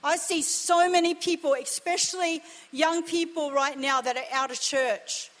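A woman pastor preaches in a high, ringing voice. She drives her points home with urgent repetition. A long reverb hangs after each phrase in the church hall. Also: steady tone, a little slow, fairly bright tone. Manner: impassioned, emphatic preaching with repeated phrases. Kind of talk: sermon.

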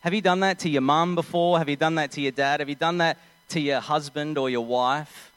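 A man's voice: fairly high pitch, fairly even intonation, a little fast, fairly bright tone, clean tone, dry recording, low-quality recording. A young man preaching a sermon in an earnest, conversational way, acting out little scenes as he goes.

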